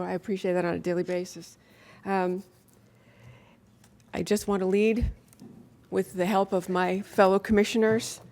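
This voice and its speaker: Emotional woman mayor thanking colleagues. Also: medium pitch. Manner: emotional, chatty, self-correcting. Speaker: county mayor chairing the meeting. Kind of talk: emotional thank-you remarks. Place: county commission chamber.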